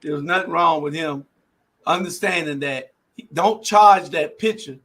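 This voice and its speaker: Slow, bright high-voiced man. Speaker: panelist. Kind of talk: casual sports commentary.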